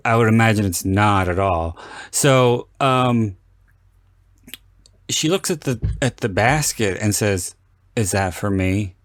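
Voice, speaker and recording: A man hosting a podcast, chatting casually about a film and acting out scenes with lively, sweary retellings. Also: lowish voice, slow, pauses often, no room sound, studio quality. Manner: animated storyteller, acts out quoted lines with swearing. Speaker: podcast host. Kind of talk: casual film commentary chat.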